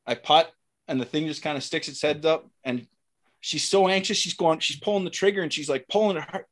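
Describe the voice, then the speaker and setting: A man's voice: a little high, brisk. A middle-aged man casually telling a story, acting out the lines of the people in it. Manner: animated, acts out dialogue in quotes. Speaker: guest telling a hunting story.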